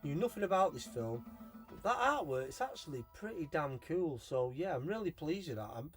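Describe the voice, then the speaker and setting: A man's voice: fairly high pitch, big pitch swings, moderate pace, faint music behind. Rambling, enthusiastic man. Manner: enthusiastic, rambling, swears freely. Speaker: collector showing his purchases. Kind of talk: casual video chat.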